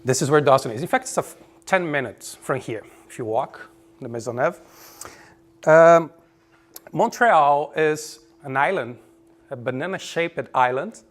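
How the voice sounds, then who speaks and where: A man from Brazil, giving a relaxed, joking conference presentation. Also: a little high, measured pace. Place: conference room.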